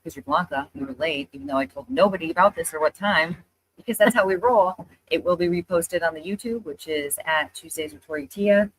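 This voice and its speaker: A woman's voice: on the low side, expressive, fairly quick, rough recording. A woman hosting a live stream, chatting in a bubbly, teasing way and wrapping up with thanks. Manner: bubbly and teasing, playfully bossy. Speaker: host. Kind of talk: casual chat. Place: live in-person stream at a trade show.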